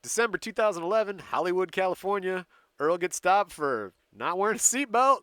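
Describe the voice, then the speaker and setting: A male podcast host recounting a story in relaxed chat, often breaking into laughter. His voice sits a little high and sounds bright and sharp, recorded close and dry. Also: a little fast, clean tone, no room sound. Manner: laughs often, reads dates and places in a storytelling way. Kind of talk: casual chat, telling a crime story.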